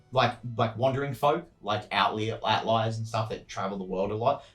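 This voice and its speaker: Low-voiced man running a tabletop game. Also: fairly bright tone, echoey room. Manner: rambling, many fillers and restarts. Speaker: dungeon master.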